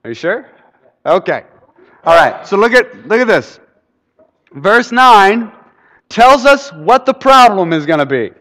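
Animated preacher in an echoing hall. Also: male voice, high-pitched, measured pace, pauses often. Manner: animated, keeps quizzing the audience. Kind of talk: sermon. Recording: reverberant hall.

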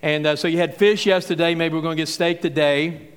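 A man's voice: fairly high pitch, steady tone, brisk, clean tone. A man preaching a verse-by-verse sermon in a folksy, conversational way, acting out the voices of the crowd and of Jesus. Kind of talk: expository sermon. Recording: long hall reverb.

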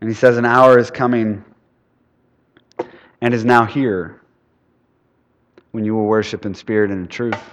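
A man preaching a casual sermon to students, often asking them questions and swinging from loud to soft. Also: fairly low pitch, level tone, unhurried, long pauses, muffled recording. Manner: conversational, asks the room questions, swings between loud and soft. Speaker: youth pastor. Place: church building. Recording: long hall reverb.

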